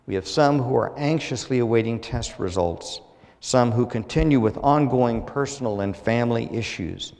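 A man preaching a sermon as pastor, measured and earnest, his phrases falling at the ends. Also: medium pitch, animated, a little mellow, big-room sound.

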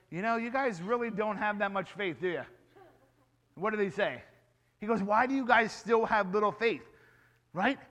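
A man with a high, light voice preaches to a group of children, stopping often to ask them questions and acting out the story. His voice rings with long reverb from a large hall. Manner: animated, asks the children questions. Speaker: children's pastor. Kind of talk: children's sermon.

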